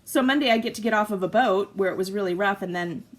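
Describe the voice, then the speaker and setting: A woman in her forties, a mom crafting at home, chats casually and rambles through a story in a self-mocking way. Her voice is medium-pitched and fast, and the recording is low quality.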